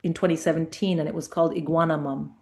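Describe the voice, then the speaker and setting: Middle-aged woman telling lively anecdotes. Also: low voice, fast talker. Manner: lively anecdotal storytelling, acts out quoted dialogue. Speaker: comedian guest. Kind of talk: casual interview chat.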